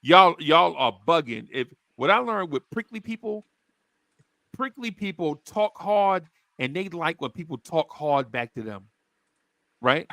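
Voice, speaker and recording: A man's voice: fairly high pitch, unhurried, dry recording. A man hosting a casual sports podcast, telling stories and acting out the people in them. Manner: animated storyteller, acts out quotes. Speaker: podcast host.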